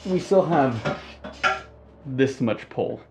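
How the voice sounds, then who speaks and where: A man co-hosting a do-it-yourself prop build, calmly talking through the steps in a relaxed, casual way. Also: mid-range voice, extremely slow. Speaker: co-host of a DIY prop-making channel. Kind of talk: casual chat while crafting. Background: background music.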